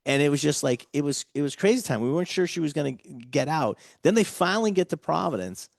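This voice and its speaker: A man's voice: fairly high pitch, animated, fast talker, vocal fry, dry recording, clean studio sound. A man hosting a casual radio talk show, chatting loosely and restarting his sentences often. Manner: chatty, rambling with many restarts.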